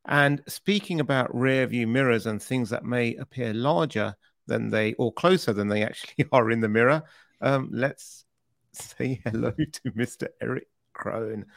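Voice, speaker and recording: A man's voice: medium pitch, measured pace, creaky, no room sound. A British man co-hosting a security podcast, teasing his co-host in a dry, mock-pompous way. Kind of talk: casual chat.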